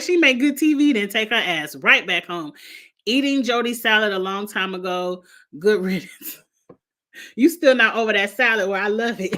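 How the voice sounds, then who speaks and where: A woman's voice: medium pitch, pushed and bright. A woman hosting a casual livestream, talking bluntly about a reality show, laughing often and greeting viewers by name. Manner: greets chat viewers by name between remarks. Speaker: show reviewer and livestream host.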